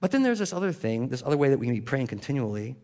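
A man preaching a sermon in a loose, conversational way, like he is chatting with his congregation. His voice sits in a middle pitch, and he scatters fillers and quick asides through the talk. When he recites prayers, he sinks to a soft, hushed voice. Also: sing-song. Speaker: pastor.

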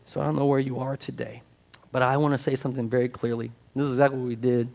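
A man's voice: mid-range voice, flat delivery, quick pace, gravelly, darkish tone. Man preaching an emphatic, casual sermon. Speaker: pastor. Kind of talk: sermon with scripture reading and prayer. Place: church sanctuary. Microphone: handheld or stand microphone.

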